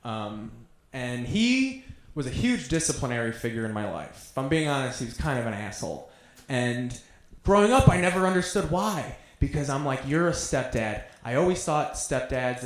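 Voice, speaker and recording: A man's voice: medium pitch, big pitch swings, moderate pace. Crude storytelling man on a comedy stage. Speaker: stand-up comedian. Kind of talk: stand-up comedy set. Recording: roomy club sound.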